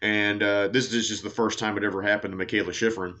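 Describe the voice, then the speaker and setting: Rambling sports show host, bright voice. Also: male voice, lowish voice, level tone, quick pace. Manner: rambling, with lots of fillers and tangents; swears casually for emphasis. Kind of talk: casual sports commentary monologue. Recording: dull lo-fi sound.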